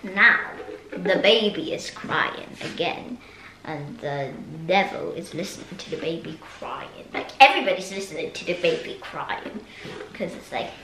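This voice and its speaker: A woman's voice: fairly low pitch, animated, unhurried. Female violinist vlogger, musing practice-room chatter, hesitant delivery; roomy echo, noisy background. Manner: hesitant, musing, with many ums. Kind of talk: thinking aloud during practice. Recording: echoey room with background noise.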